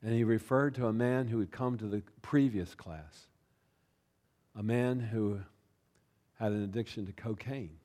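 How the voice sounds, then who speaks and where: A pastor telling a personal story in a sermon, chatty and self-deprecating, often tossing in "right?" and "you know.". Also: male voice, lowish voice, a little slow, long pauses, mellow. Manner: conversational, with frequent "right?" and "you know" asides.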